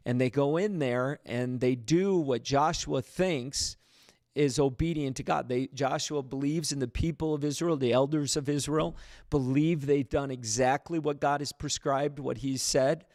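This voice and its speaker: A male pastor talks through scripture in a relaxed, conversational way, full of fillers and restarts. His voice sits in a middle register and climbs for emphasis. The sound is dry and close, with no room around it. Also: medium pitch, unhurried, no room sound. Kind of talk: livestreamed Bible study teaching.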